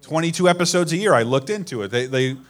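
A man's voice: on the high side, lively intonation, quick pace, faint music behind. A man hosting a live podcast in front of an audience, rambling and self-deprecating, with plenty of swearing. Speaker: podcast host. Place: live show before an audience.

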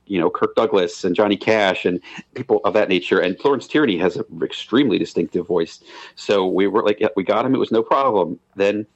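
Man, quick rambling storyteller, lowish voice, dull lo-fi audio. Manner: rambling, frequent restarts and laughs. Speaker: guest, animated show co-creator. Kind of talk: anecdotal interview storytelling.

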